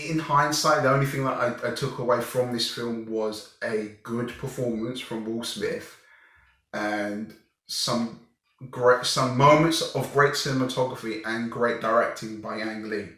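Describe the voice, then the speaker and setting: A young man reviewing a film in a casual, animated way, often restarting his sentences and sounding exasperated. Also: mid-range voice. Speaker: movie reviewer. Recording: very echoey room.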